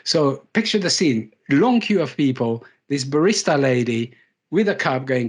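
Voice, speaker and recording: A man's voice: a little high, sing-song, brisk. A man giving a live leadership talk to an audience, telling stories with self-deprecating humour and repeating key words for emphasis. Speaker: keynote speaker.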